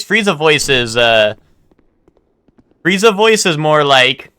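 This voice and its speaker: A man's voice: on the high side, big pitch swings, slow, long pauses, sharp tone, clear, resonant tone, no room sound. A man streaming a game live, chatting casually with a rambling, swearing, laughing manner. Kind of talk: casual live gameplay commentary.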